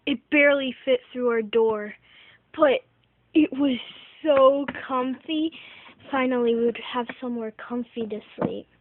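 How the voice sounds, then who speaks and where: Slow, earnest woman storyteller, tinny sound. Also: high voice, dry recording. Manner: earnest, slow, heartfelt telling. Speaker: narrator. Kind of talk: first-person storytelling for a home-made toy film. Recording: tinny phone-like recording, faint hiss.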